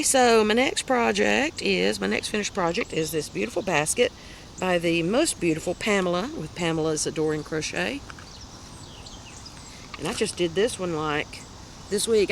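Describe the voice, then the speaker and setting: A woman with a Southern US accent hosting a crochet video podcast, chatting casually and rambling as she shows her finished projects, quick to laugh at herself. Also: on the low side, a bit bright, a little hiss or hum. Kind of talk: casual show-and-tell chat.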